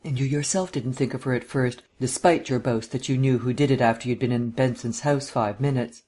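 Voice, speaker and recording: A man's voice: mid-range voice, brisk, darkish tone, lightly acted. A man voicing a stern male district attorney who speaks coldly and indignantly. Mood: puzzled. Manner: cold, clipped and indignant.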